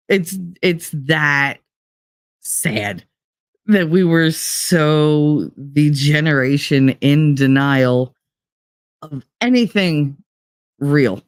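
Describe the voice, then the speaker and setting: A woman's voice: deep voice, drawn-out words, no room sound, clean studio sound. A middle-aged woman hosting a casual podcast, talking bluntly with wry self-mocking humor and plenty of swearing. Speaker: podcast host. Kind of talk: casual personal chat.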